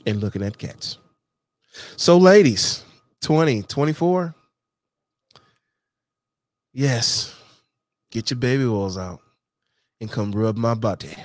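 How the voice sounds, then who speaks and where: A man's voice: medium pitch, slow pace, long pauses, no echo. A man, talking casually to camera in slangy street talk and repeating "you know what I'm saying" again and again. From Detroit, USA. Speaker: vlogger.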